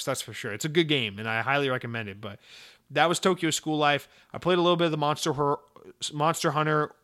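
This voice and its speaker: Animated, bright-voiced gaming podcast host. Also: male voice, fairly high pitch. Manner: animated, swearing, exclaims. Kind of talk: casual gaming podcast chat.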